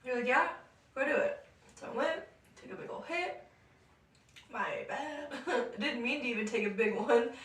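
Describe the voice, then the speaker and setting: A young woman co-hosting a podcast, telling a story in a casual, animated way, laughing often and acting out what people said. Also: a little high, normal speed, far from the mic. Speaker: podcast co-host. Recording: echoey room, voice off-mic.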